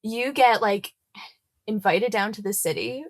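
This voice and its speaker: A woman's voice: mid-range voice, a little slow, dry recording, studio quality. A woman guest on a podcast chatting casually, jokey and dramatic. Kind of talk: casual chat.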